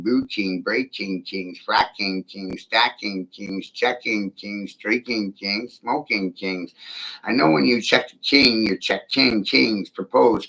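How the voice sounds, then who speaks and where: Gravelly man chanting rhymed spoken word. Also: on the low side, bright, forceful tone, low-quality recording. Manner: chanting, insistent, repetitive rhymes, profane. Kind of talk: rhythmic spoken-word monologue.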